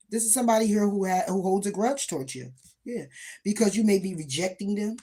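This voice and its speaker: A woman's voice: medium pitch, darkish tone. A woman giving a casual tarot reading, sassy and emphatic, often repeating her points. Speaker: tarot reader.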